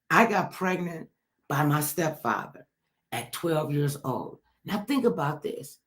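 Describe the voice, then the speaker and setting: A woman talk show host delivers an emphatic political commentary monologue, repeating herself and speaking directly to listeners. Her voice is on the low side.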